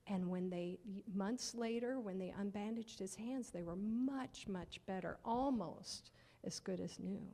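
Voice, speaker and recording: A woman's voice: on the high side, gravelly, mellow, in a large hall. A woman telling a children's story at church, asking the children questions and often dropping to a near-whisper.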